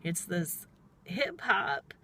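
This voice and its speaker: A middle-aged woman tells an anecdote from her work as a taxi driver. Her voice sits a little low, and she talks in a chatty, meandering vlog style, often acting out her own replies. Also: very animated, very slow, bright, forceful tone, husky, no echo. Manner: chatty and rambling, quoting herself with "I'm all". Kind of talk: casual storytelling vlog.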